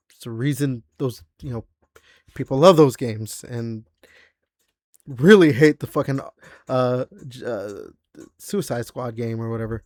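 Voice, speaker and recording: A man's voice: mid-range voice, no room sound, studio quality. A man co-hosting a gaming podcast in casual chat, rambling with lots of fillers, restarts and casual swearing. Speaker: podcast co-host.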